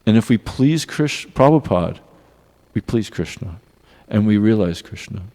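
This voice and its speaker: A man giving a devotional class in a temple hall, telling personal stories in an earnest, animated way. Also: lowish voice, normal speed. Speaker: class speaker. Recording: long reverb of a hall.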